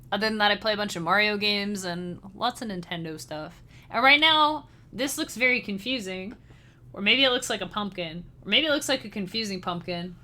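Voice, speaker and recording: A woman's voice: mid-range voice, pushed and bright. A woman chatting casually with her live-stream chat as a musician, bubbly and giggly, speaking straight to her viewers. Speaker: livestreamer and chiptune musician.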